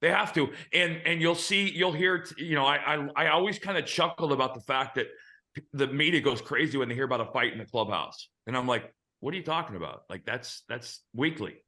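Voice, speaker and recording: A man in his fifties, a host and former pitcher, telling frank, profane stories in casual chat. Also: brisk, pushed and bright. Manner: frank, profane anecdotal storyteller.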